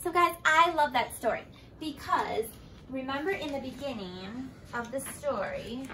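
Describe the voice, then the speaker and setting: A woman teacher reading a picture book aloud to children and explaining it in a lively way. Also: sits high, unhurried, slight background noise, poor audio. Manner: animated, explaining to kids.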